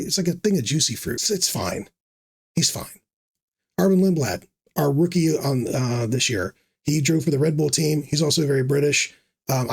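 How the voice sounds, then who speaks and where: A man's voice: medium pitch, breathy edge. A man rambling through casual commentary, sarcastic and teasing, full of fillers and restarts. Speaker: fantasy sports video host.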